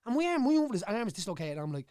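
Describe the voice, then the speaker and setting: Dublin man, guest, higher-voiced fast talker, repeats himself, dry studio sound. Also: sing-song, a little mellow, clean tone, no echo. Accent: Dublin Irish. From Ireland. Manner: rambling, repeats words, keeps saying "you know what I mean". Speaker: podcast guest, former fighter. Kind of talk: casual chat.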